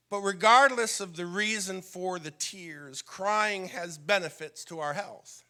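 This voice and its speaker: A man preaching a sermon as pastor, moving from calm teaching to fervent, rising preaching and dropping to a whisper for quoted prayers. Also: high voice, a little slow, hardly any pauses. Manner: drops to a whisper when quoting a prayer.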